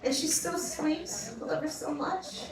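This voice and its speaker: A young woman telling a funny personal story on a comedy stage. She talks in an animated way, laughs often and acts out the voices in her story. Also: high voice, measured pace, crowd noise. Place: small comedy venue. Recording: roomy distant mic with audience. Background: audience laughing.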